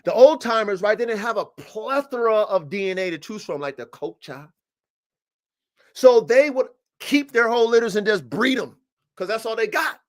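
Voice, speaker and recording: A man who hosts a livestreamed dog podcast and breeds dogs speaks in a high voice with lively intonation at a normal speed. Through his streaming setup he comes across as boastful and confrontational, with emphatic slang.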